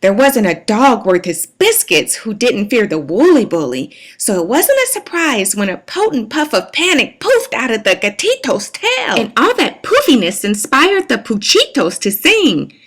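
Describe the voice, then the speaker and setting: A woman reading a picture book aloud to children in an animated, sing-song way. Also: fairly high pitch, normal speed, hardly any pauses. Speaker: storyteller.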